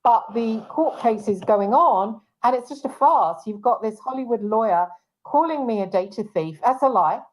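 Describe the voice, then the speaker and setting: A woman's voice: on the high side, expressive, moderate pace, poor audio. A woman hosting a casual talk show, speaking in an indignant, agitated way with frequent restarts and trailing fillers. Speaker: show host and private investigator.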